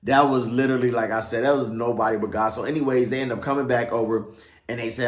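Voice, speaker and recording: A man's voice: medium pitch, steady tone, fast talker, echoey room. A man, a pastor, telling his life story casually in a loose, slangy way, often checking in with "right?". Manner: loose, slangy, keeps asking "right?" and trailing off with "or whatever like that".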